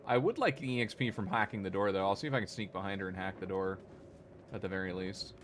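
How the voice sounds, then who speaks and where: Casual male streamer, lowish voice, talks to himself, noisy home recording. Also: fast. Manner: thinks aloud, swears when annoyed. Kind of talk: casual gameplay commentary. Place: home desk setup.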